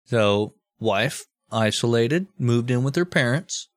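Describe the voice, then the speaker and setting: A man co-hosting a comedy podcast, chatting casually with deadpan one-liners. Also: mid-range voice, takes it slowly, no room sound, clean studio sound. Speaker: podcast co-host.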